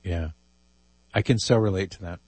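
A man hosts a call-in radio show, reading listener emails aloud and dropping amused asides. His voice sits low with a husky edge. The studio sound is dry and close. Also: moderate pace, darkish tone, dry recording, raised voice. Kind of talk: casual call-in radio talk.

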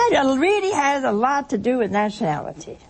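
A woman's voice: high voice, a little hiss or hum. An older woman preaching a sermon to listeners, telling folksy stories and acting out the voices in them. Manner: folksy storytelling with acted-out quotes. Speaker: religious speaker. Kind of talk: sermon to a broadcast audience.

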